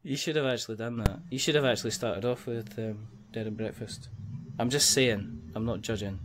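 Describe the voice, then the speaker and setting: A man's voice: fairly low pitch, moderate pace, noisy background. Jokey man hosting a podcast. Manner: jokey, laughs often, rambling restarts. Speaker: podcast host. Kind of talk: casual chat.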